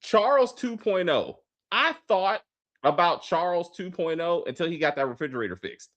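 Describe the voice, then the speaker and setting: Male co-host, casual film review, emphatic and exasperated, with a bright, lively delivery. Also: high-pitched, normal speed, dull audio. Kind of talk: casual movie review chat.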